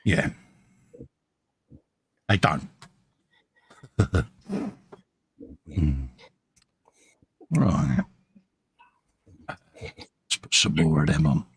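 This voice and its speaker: With a rumbling low, breathy voice, this middle-aged Englishman draws out his words and leaves long pauses, yet stays animated. Co-hosting a live modelling stream, he builds a kit, reads out chat messages and jokes at his own expense; there's no echo.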